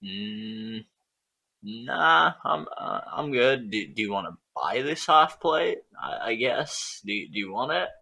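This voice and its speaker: Excitable, bright-voiced male player. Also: mid-range voice, slow, creaky. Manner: excitable, swears, stammers. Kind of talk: tabletop game chat.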